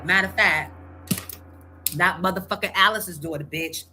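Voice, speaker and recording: A woman's voice: mid-range voice, lively intonation, normal speed, noisy background. A woman radio host telling a personal story in a brash, profane, emphatic way. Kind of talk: storytelling on a morning show.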